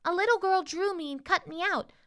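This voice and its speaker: A woman reading a children's storybook aloud, voicing an eager young paper princess in a bright, wondering, earnest way. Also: extremely high pitch, brisk, pitched above the performer's own voice.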